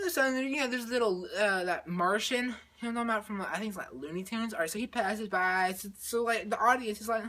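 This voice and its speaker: A man's voice: high voice, brisk, few pauses, sharp tone. A male vlogger retelling a movie in a rambling, repetitive way, acting out scenes with sound effects.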